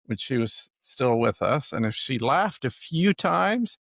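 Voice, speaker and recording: A man's voice: medium pitch, sing-song, measured pace, creaky, a bit bright, no room sound, studio quality. A man hosting a podcast interview, conversational and asking long questions. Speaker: podcast host.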